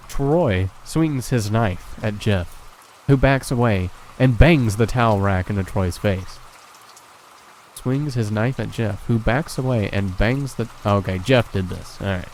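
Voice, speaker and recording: A man's voice: fairly low pitch, darkish tone, a little hiss or hum, poor audio. A man reading a horror story aloud and breaking off with casual, sweary comments and laughs. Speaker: creepypasta reader and reactor.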